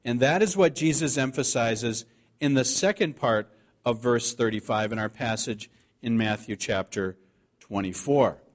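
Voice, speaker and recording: A man preaching a sermon, reading scripture aloud and slowing down to stress the key words. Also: mid-range voice. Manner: earnest preaching, slows to stress scripture quotes. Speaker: pastor.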